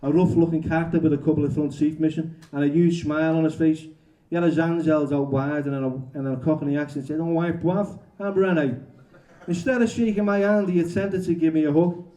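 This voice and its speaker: A male author reading his memoir aloud at a bookshop event, halting and correcting himself as he goes. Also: fairly high pitch, little pitch movement, mellow. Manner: halting, restarts and self-corrections.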